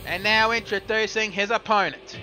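With music playing behind him, a high-pitched man delivers live play-by-play for a simulated wrestling show at a moderate pace, excitable, joking, and casually swearing.

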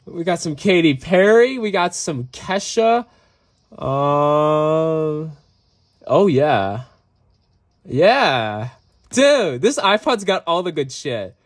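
Young male vlogger, excitable and profane, drawn-out pace, a bit high-pitched. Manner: excitable, swears, breaks into off-key singing. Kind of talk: casual reaction vlog.

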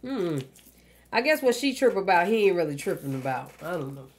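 A woman's voice: lowish voice, very animated, a little fast, slight background noise. Casual, profane woman commentator. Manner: candid, profane, rambling with frequent fillers. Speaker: reaction video host.

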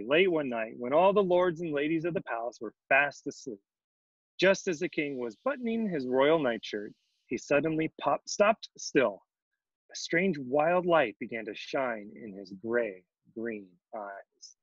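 A man's voice: medium pitch, animated, a little slow, no room sound, muffled recording. A man co-hosting a children's reading, chatting easily and reading a storybook aloud. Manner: easygoing, chatty. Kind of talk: storybook read-aloud and chat.

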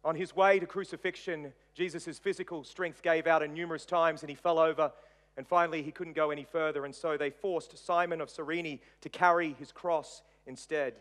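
High-voiced pastor preaching dramatically. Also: male voice, fairly even intonation, a little fast. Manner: dramatic retelling, swinging from loud emphasis to hushed softness. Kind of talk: sermon.

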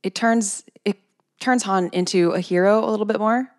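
A woman's voice: mid-range voice, moderate pace. A woman hosting a podcast, chatting in a thoughtful, casual way with many fillers. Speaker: podcast host. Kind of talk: casual chat.

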